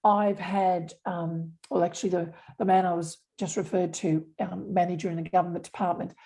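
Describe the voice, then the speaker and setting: Mellow woman explaining earnestly. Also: on the low side, steady tone, normal speed. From Australia. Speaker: unconscious bias specialist. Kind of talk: interview conversation.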